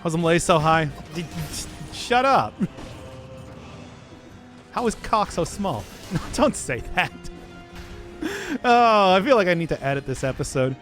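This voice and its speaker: A man's voice: fairly high pitch, sing-song, normal speed, a bit bright, soft background music. A man streaming a game, rambling in casual commentary and laughing at his own jokes.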